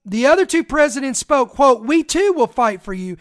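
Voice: sits high, expressive, normal speed. A preacher in an emphatic, preaching-style talk who reads accounts aloud and breaks off with direct asides to listeners.

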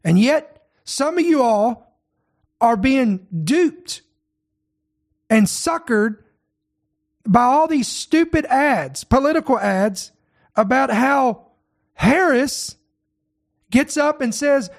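A man's voice: very high-pitched, lively intonation, slow. A man who leads a ministry, hosting an online show and delivering impassioned, indignant commentary full of rhetorical questions.

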